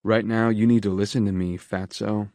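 A man voicing a tough teenage boy in an audiobook, speaking in a low, clipped, threatening way. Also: flat delivery, normal speed, darkish tone, no echo, natural voice. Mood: menacing.

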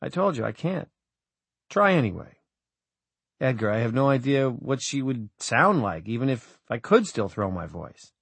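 A man's voice: mid-range voice, big pitch swings, moderate pace, creaky, breathy edge, no room sound, heavily acted. A male narrator voicing a casual, self-deprecating young man who talks offhandedly and swears mildly. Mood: protesting.

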